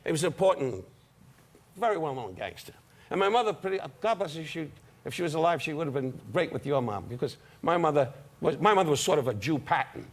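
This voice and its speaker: A man's voice: on the high side, very animated, fast. An older man, a comedian guest on a talk show, teasing the host in brash insult-comic banter over studio audience noise.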